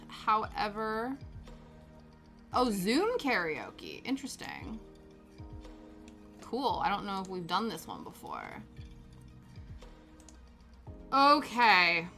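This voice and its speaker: Female streamer, casual chatter, unhurried delivery, self-deprecating humor. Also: medium pitch, pushed and bright. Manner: chatty, self-mocking, giggly. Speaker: livestream host. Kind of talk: casual livestream chat while crafting.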